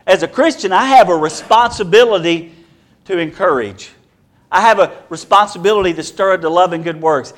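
A man preaching a sermon to a congregation, earnest and repetitive, building his point through rhetorical questions. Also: sits high.

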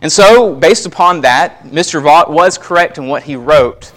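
A man's voice: fairly high pitch, fairly bright tone. Emphatic man preaching a sermon. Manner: emphatic, reads scripture slowly and stresses key words.

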